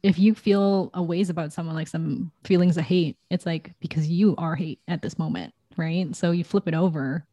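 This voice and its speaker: A woman's voice: on the low side, steady tone, normal speed, few pauses, warm tone, dry recording. A woman hosting a casual conversation, affirming and conversational. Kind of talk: casual chat.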